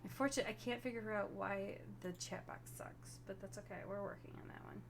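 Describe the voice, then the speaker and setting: A woman running a tabletop role-playing game as game master, explaining at length in an animated way. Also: mid-range voice, quick pace, vocal fry, slight background noise.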